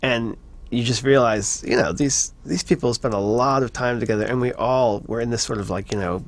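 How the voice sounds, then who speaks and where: A man's voice: mid-range voice, normal speed. A man in an interview, thoughtfully recalling a farewell speech. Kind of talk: interview reminiscence.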